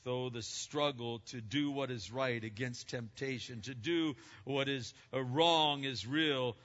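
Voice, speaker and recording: A man preaching a sermon as pastor. His delivery swings between loud, emphatic peaks and hushed, low passages. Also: unhurried. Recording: muffled lo-fi sound with long reverb.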